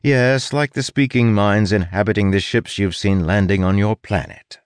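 A man narrating an audiobook in a wry, expressive storytelling manner. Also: lowish voice, normal speed, clear, resonant tone, no echo, studio quality.

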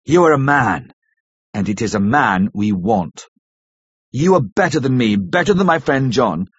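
A man playing a grave old professor, husky and solemn. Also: mid-range voice, lively intonation, no echo. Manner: solemn, halting, formal old-fashioned phrasing. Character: grave older male professor, kindly and commanding. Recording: dull lo-fi recording.

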